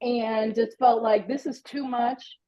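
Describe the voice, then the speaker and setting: A middle-aged woman telling a personal story in a casual, animated, self-deprecating way. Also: a little high, slow. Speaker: guest storyteller. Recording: dull lo-fi sound.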